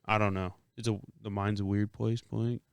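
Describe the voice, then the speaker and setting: A man co-hosting a podcast in casual chat, recounting an experience in a halting way. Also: lowish voice, flat delivery, vocal fry, smooth, dry recording. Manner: halting, many fillers and restarts while recounting. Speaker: podcast co-host.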